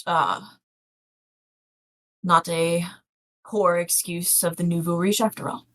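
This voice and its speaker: A woman voicing a wealthy, controlling man who speaks slowly and condescendingly. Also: high-pitched, little pitch movement, sharp tone, exaggerated voice. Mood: cold. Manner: slow, commanding, condescending.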